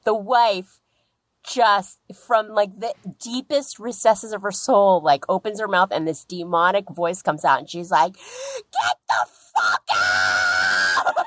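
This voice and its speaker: A woman's voice: mid-range voice, a little slow, a little hiss or hum. A woman guest on a podcast telling a story casually and acting out the people in it. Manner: animated, acts out the people in her stories.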